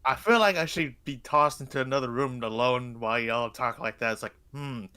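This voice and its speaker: A man's voice: mid-range voice, brisk, sharp tone, smooth. A man chatting casually on a streamed group call, a bit flustered, stammering and restarting his sentences.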